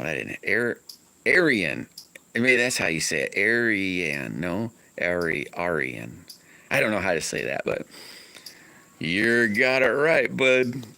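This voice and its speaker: A man's voice: medium pitch, vocal fry, sharp tone. A man hosting a casual live stream, chatting with viewers about his workshop in a rambling, self-correcting way. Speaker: livestream host and slingshot maker. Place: home on a wooded property.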